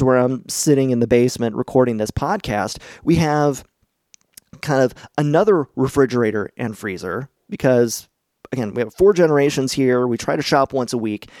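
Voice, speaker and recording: A man's voice: medium pitch, animated, moderate pace, darkish tone, no echo, clean studio sound. A middle-aged man hosting a podcast from his home basement, chatty and encouraging, laughing often as he explains things. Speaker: podcast host. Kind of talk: casual instructional podcast talk.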